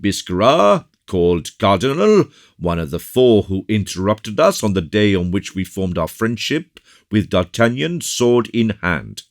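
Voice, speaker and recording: A man's voice: lowish voice, very animated, unhurried, no echo, studio quality, pitched above the performer's own voice. A man voicing a big, cordial old musketeer, speaking in a hearty, dignified manner.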